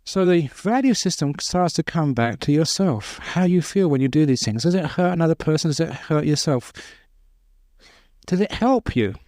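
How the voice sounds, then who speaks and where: A man, a Buddhist monk, giving an informal dharma talk, telling stories with gentle humor and chuckling at his own jokes. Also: on the high side, expressive, normal speed, dry recording, clean studio sound. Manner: conversational storytelling, with restarts. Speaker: Buddhist monk teaching meditation.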